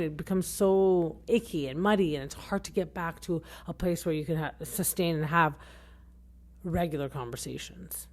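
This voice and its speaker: A woman's voice: fairly low pitch, darkish tone. A young adult woman hosting a podcast, giving casual opinion commentary in a chatty, rambling way with frequent self-corrections. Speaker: podcast host.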